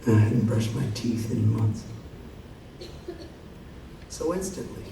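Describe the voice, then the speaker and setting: A man's voice: lowish voice, animated, takes it slowly, creaky, noisy background. A man on a concert stage telling a personal story in a loose, profane, self-mocking way. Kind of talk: live storytelling monologue. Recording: echoey live hall, distant mic, crowd.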